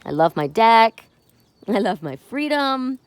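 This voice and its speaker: A woman's voice: on the high side, sing-song, takes it slowly, dry recording. A woman voicing her contented male pet cat, gushing about his deck. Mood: delighted.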